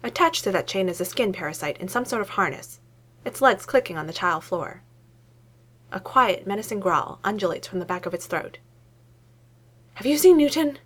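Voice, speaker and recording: A woman reading fiction aloud in an expressive storytelling manner. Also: medium pitch, a little fast. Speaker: story reader.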